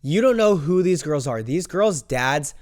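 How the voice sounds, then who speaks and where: A man's voice: on the high side, lively intonation, unhurried, no echo. Sick young dude hosting his vlog, rambling with lots of "bro" and "like", close and dry. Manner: chatty, peppered with "bro" and "like". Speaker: host. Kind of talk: casual storytelling vlog.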